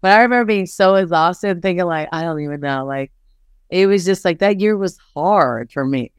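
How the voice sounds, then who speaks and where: A middle-aged woman coach telling her story in a candid interview, her voice smooth and clear. She talks animatedly, scattering "like" through her sentences and acting out what people said. The sound is close and dry, with no room around it. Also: fairly low pitch, moderate pace, no room sound. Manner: animated storytelling, frequent "like" fillers, acts out quotes. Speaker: basketball head coach, interview guest.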